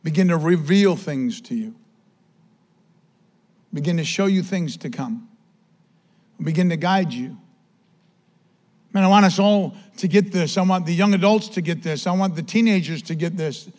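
A man preaching from the pulpit in a notably high voice. He hammers repeated lines at the church and sometimes sinks into a quiet, hushed tone to make his point. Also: normal speed, long pauses. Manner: emphatic, repetitive preaching, drops to a soft hush. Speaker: pastor. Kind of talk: sermon.

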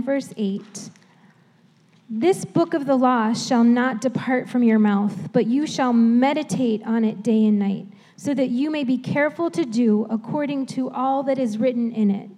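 Female preacher, measured scripture reading, bright-pitched, long church reverb. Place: church sanctuary.

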